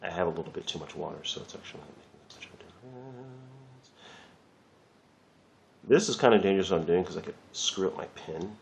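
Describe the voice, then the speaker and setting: A man's voice: sits low, animated, fairly quick, creaky, muffled recording, a little hiss or hum. A man giving a casual, rambling drawing lesson while he works, chatting loosely and swearing lightly. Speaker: art teacher.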